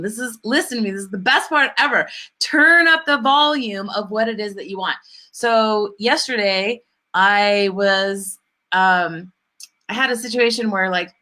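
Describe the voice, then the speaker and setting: A woman's voice: medium pitch, bright, forceful tone. A woman co-hosting a spiritual business talk show, chatting casually and gushing with lots of "like" fillers. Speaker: podcast co-host. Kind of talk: casual chat.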